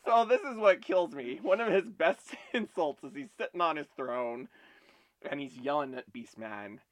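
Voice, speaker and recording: A man's voice: fairly high pitch, normal speed, no room sound. A man co-hosting a casual chat show, telling stories animatedly and laughing often. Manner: giggly, animated storyteller. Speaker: podcast co-host.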